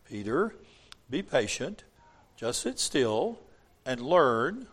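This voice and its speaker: A man's voice: medium pitch, sing-song, takes it slowly, husky. Earnest older male preacher. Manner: earnest, swings from soft to emphatic when quoting scripture. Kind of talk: sermon.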